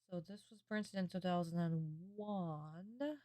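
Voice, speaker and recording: Young woman streaming reactions, excitable, cusses, kinda low voice. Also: slow, no room sound. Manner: excitable, gushing, swears often.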